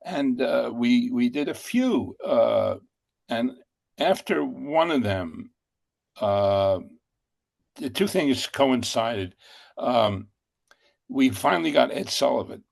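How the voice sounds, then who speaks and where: A man's voice: mid-range voice, animated, slow, vocal fry, long pauses, darkish tone. An older man telling a long anecdote as an interview guest, rambling with fillers and self-corrections.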